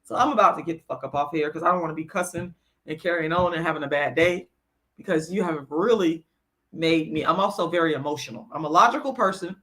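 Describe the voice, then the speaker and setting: A woman's voice: low voice, quick pace, a bit bright. A woman on a livestream answering her chat, moving between lecturing and blunt, profane venting as she gets worked up. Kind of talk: heated livestream rant.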